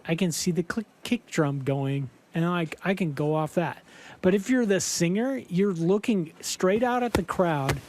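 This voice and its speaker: There's a little hiss or hum behind this man's high, unhurried voice. He hosts a podcast and fronts a band, and here he spins a casual story, animated, acting out the quotes, and leaning on many fillers.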